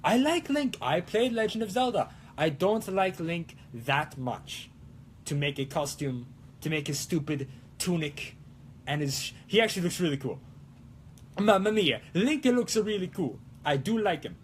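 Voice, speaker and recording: Young man, high voice, goofy rambling host, fake Italian accent, casual livestream chat. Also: animated, normal speed, a little hiss or hum. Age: young adult. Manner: hammy put-on Italian accent; goofy, rambling, self-mocking. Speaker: cosplay show host.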